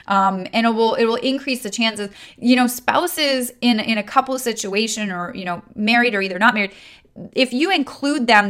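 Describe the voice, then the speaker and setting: A woman's voice: medium pitch, a bit bright. A woman giving a conversational coaching talk on handling sales objections, with frequent fillers and checks like "right?". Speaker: network marketing trainer.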